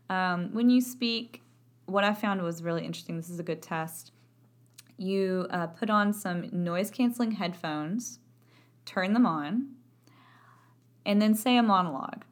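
A woman's voice: mid-range voice, unhurried. Chatty Texan woman voice teacher. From Texas. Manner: chatty and self-deprecating, laughs often. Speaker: voice professor. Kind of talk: educational podcast talk.

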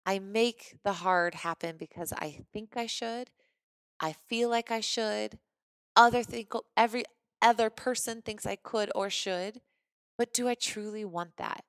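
A podcast host from Missouri, a woman with a mid-pitched voice, telling a personal story in an animated, chatty way. She leans on casual fillers as she goes. The recording is dry and close, with no room sound. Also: measured pace, smooth, no room sound.

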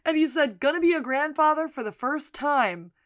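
A woman co-hosting a podcast casually recaps a TV episode, narrating the plot, quoting its characters, and laughing often. Her voice sits high, animated, at a moderate pace.

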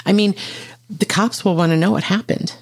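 Man doing a raised, huffy young woman for a creepy story read-aloud, gravelly underneath. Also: sits high, steady tone, moderate pace, voice pushed up. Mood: defensive. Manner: snappish, defensive. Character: jumpy, sharp-tongued young woman caught in a monster attack.

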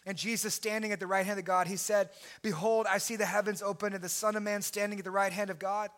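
A man preaching a sermon as pastor, impassioned and at times shouting. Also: sits high, level tone, fast talker.

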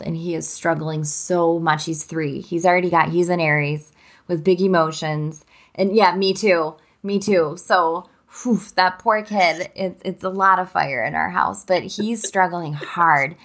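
A woman's voice: fairly low pitch, gravelly, a bit bright. A woman in her thirties, a podcast co-host, chatting casually and candidly, swearing freely and laughing often. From upstate New York. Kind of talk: casual chat.

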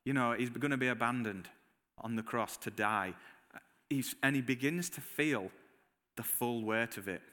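A man preaching a sermon, telling lively personal stories and acting out his own reactions, with a Northern English accent. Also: medium pitch, moderate pace, in a large hall. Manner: animated storytelling, acts out his own reactions. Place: church hall.

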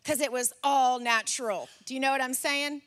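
A woman in her forties delivers a sermon through a lively personal story. Her voice sits high and sounds bright. She jumps into the voices of the people in the story as she tells it. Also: normal speed. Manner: animated storyteller, acts out her son's voice. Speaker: pastor.

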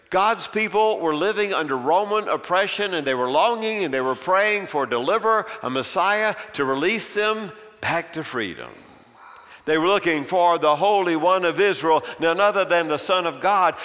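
Bright-voiced preacher in a reverberant hall. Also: male voice, a little high. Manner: dramatic, acts out questions in character voices. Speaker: pastor. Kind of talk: sermon. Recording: long reverb of a large hall.

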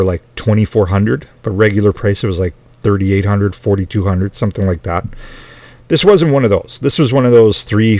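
A man's voice: lowish voice, a little mellow, no room sound. A middle-aged man telling a family story in a rambling, casual way, swearing often and sounding exasperated.

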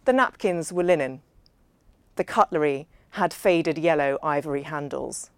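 A woman narrating a novel in the first person, measured and understated. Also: low-pitched, dry recording. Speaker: audiobook narrator.

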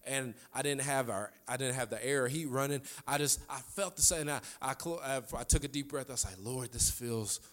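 A male pastor delivers a sermon in a church. His pitch sits in an ordinary middle register. He speaks earnestly and leans on repetition to drive each point home. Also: a little fast, few pauses. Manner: earnest, repeats key lines for emphasis. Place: church sanctuary.

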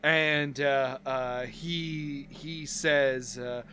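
Bright-voiced man narrating as game master. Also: medium pitch, fairly even intonation, smooth. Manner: halting, filler-heavy narration with laughter.

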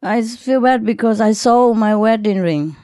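A woman's voice: fairly high pitch, measured pace, warm tone, no echo, studio quality, voice pushed up, natural voice. A woman voicing a remorseful drunk husband in a joke she tells, quoting him plainly in a slightly raised voice. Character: remorseful drunk husband who sold his ring.

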